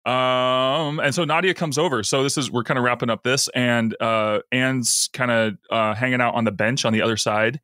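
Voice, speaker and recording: A man's voice: mid-range voice, fairly even intonation, moderate pace, few pauses, sharp tone, no echo, studio quality. A man co-hosting a podcast, casually recapping an episode and acting out lines in a raised voice. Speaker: podcast co-host.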